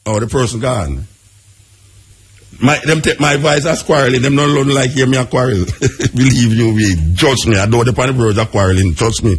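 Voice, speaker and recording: A Jamaican man hosting a call-in radio show, arguing with callers in a raised, animated voice. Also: medium pitch, fairly quick, breathy edge. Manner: animated, argumentative, raises his voice. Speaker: radio talk show host. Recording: radio broadcast.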